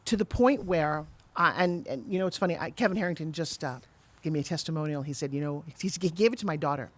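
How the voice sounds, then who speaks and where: A middle-aged woman telling her story as a guest on an interview podcast, animated and acting out the quotes. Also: low voice. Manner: fast, animated storyteller who acts out quotes. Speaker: guest, TV pitch saleswoman.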